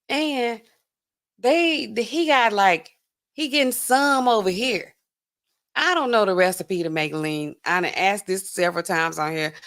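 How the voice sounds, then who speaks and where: A talkative woman hosting a livestream, speaking in a fairly high voice. She keeps up a loose, animated commentary and talks directly to her chat. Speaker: livestream host.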